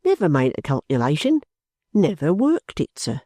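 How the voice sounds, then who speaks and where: A man voicing an excitable, puffing older male clerk in an audiobook, speaking in quick, high, snorting bursts. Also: dry recording, clean studio sound. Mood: emphatic. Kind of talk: audiobook character voice.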